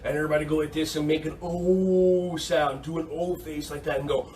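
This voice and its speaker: A man leading a kids' yoga and karate class, cheerful and encouraging, repeating his praise and sometimes bursting into shouts. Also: a little high, steady tone, fairly quick, recorded from a distance, slight background noise. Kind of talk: upbeat kids' class instruction. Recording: echoey room, voice off-mic.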